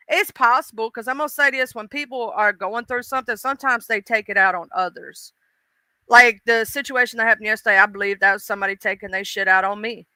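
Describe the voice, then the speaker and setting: A woman's voice: fairly high pitch, pushed and bright, no echo. A woman hosting a casual livestream, chatting emotionally and greeting viewers in chat by name. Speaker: livestream host.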